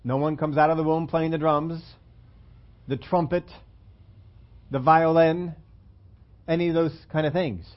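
A man with a fairly high voice preaches in an easy, conversational way, teasing himself and turning to the congregation with questions. The recording is dull and lo-fi. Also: fairly even intonation, a little slow, pauses often. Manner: conversational, self-deprecating, asks the congregation questions. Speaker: pastor. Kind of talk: sermon. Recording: dull lo-fi sermon audio.

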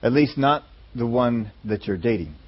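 A man preaching a sermon in an animated way, acting out voices in his stories, on a dull lo-fi recording. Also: medium pitch, normal speed. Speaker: pastor.

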